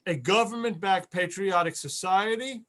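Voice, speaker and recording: A man's voice: high voice, normal speed, fairly bright tone. A man giving an online history lecture over a video call, earnest, repeating key words for emphasis.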